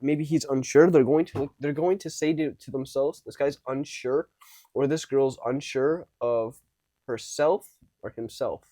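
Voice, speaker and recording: A man's voice: fairly high pitch, warm tone, no echo. A man coaching on social skills, talking casually to camera and acting out unsure and confident tones of voice. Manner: demonstrates tones of voice, shifting between unsure and commanding.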